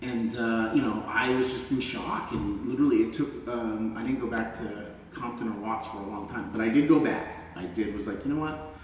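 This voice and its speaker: A man's voice: fairly low pitch, normal speed, few pauses, slight background noise. A man, a working actor, telling a casual anecdote and acting out the voices of the people in it. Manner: animated storyteller who acts out quoted voices. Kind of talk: casual anecdote told to camera. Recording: echoey, distant, dull-sounding room recording.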